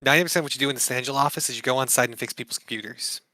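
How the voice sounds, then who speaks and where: A man's voice: medium pitch, rapid-fire, bright, forceful tone, no echo. A man casually explaining things in a matter-of-fact way. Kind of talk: casual chat.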